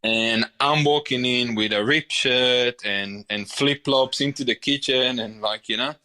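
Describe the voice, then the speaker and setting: A man in his forties with an Israeli accent, a chef telling his story in a casual interview, animated and often repeating words as he restarts. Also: medium pitch, a little slow. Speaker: chef, podcast guest.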